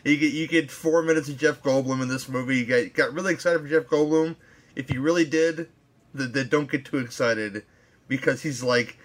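A man's voice: medium pitch, a little fast. Rambling man chatting about movies. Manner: rambling, hesitant, with fillers and crude asides. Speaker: podcast co-host. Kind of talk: casual movie review chat.

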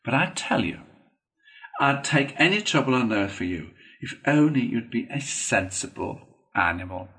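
A man reading a storybook, voicing a cheerful, hearty male water rat in a brisk, hearty manner. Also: medium pitch, expressive, a bit bright.

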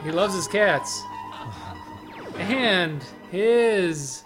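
A man's voice: high-pitched, expressive, very slow, loud music behind the voice. A man hosting a podcast, joking through casual introductions. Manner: jokey, playful introductions. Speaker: podcast host. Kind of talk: casual chat.

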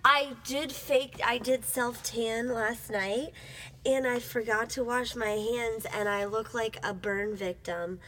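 A woman bursting into a podcast as the host's roommate, giggly and excitable, swinging between loud and soft. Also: a little high, slow pace, a little hiss or hum, rough recording. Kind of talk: casual banter.

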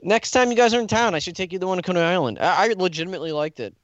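A man's voice: high voice, rapid-fire, dry recording, muffled recording. A man hosting a casual comedy podcast, laughing often and swearing freely in loose banter. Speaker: podcast host.

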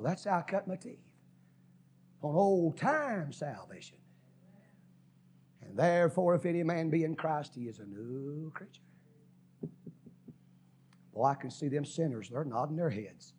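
A husky-voiced preacher, a man pitched a little high, delivering a folksy sermon. He swings from loud, climbing shouts down to hushed whispers and drags out key words for effect. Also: sing-song. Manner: preaching with sudden shouts and drops to a whisper, folksy, drawn-out stresses. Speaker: pastor.

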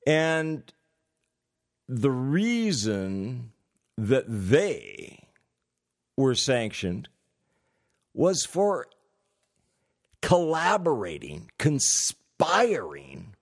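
Male host for a slow, deliberate commentary read, with dry sarcastic asides. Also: medium pitch, wildly swooping pitch. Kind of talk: political commentary monologue.

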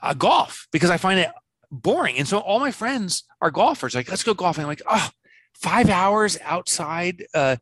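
A man in his fifties, a business author guest, chatting casually in an interview and acting out quotes with lively swings of voice. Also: high-pitched, fairly quick, husky, no echo. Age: 50s. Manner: animated, laughs easily, acts out quotes.

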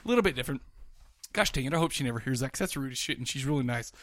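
A man's voice: mid-range voice, animated, very fast, fairly bright tone, a little hiss or hum. A man co-hosting a podcast, telling a rambling story in casual chat, full of restarts and laughter. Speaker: podcast co-host.

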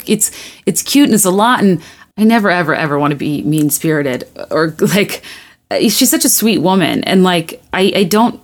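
A woman hosting a podcast in a casual monologue. She rambles, restarts her sentences and laughs at her own self-deprecating asides. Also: lowish voice. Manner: restarts often and stacks quick asides. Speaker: podcast host.

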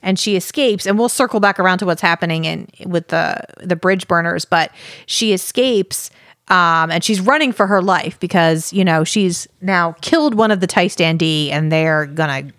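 A woman's voice: lowish voice, moderate pace, fairly bright tone, dry recording, studio quality. A woman co-hosting a podcast, chatting casually about a book with many fillers, restarts and laughs. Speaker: podcast co-host.

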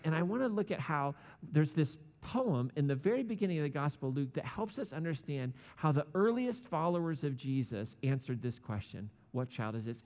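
A man delivers a relaxed, humorous sermon in a slightly high voice. He slips into playful voices for the people he quotes. A long reverb trails his words through the hall. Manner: casual and joking, acts out quotes. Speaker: pastor. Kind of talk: conversational sermon.

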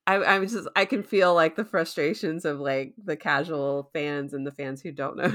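A woman's voice: sits low, lively intonation, measured pace. A woman recapping a show in casual chat, chatty and playful, laughing often. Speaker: co-host.

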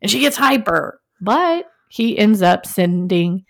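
A woman co-hosting a podcast in casual chat, recapping a reality show and acting out what people said with big jumps in pitch. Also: takes it slowly, creaky. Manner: animated, acts out quotes with big pitch jumps. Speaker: podcast co-host.

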